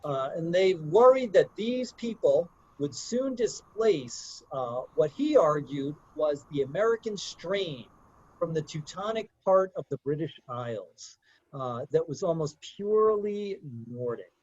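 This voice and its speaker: A man's voice: on the high side, lively intonation, measured pace, darkish tone, husky. A man leading a group discussion in a conversational lecture style. He talks hesitantly, with many fillers. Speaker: discussion leader. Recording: dull lo-fi dry sound.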